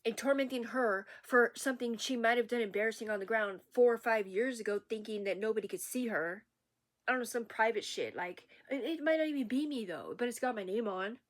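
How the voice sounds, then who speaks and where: A woman's voice: a little high, expressive, brisk. A woman ranting in an unscripted vlog, rambling, profane and agitated. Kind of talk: unscripted rant to camera.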